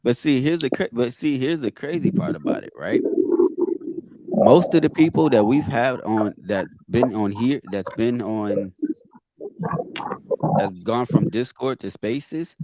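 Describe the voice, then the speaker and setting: A man's voice: medium pitch, lively intonation, unhurried, dark tone, low-quality recording. A man hosting a casual podcast chat, restarting and repeating phrases as he builds his point.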